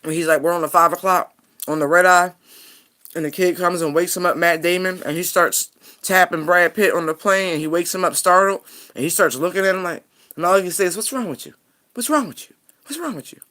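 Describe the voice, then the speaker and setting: A woman's voice: on the low side, fairly even intonation, fairly quick, a bit bright. A woman giving a casual tarot reading, talking bluntly and frankly and laughing often. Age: adult parent. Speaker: tarot reader.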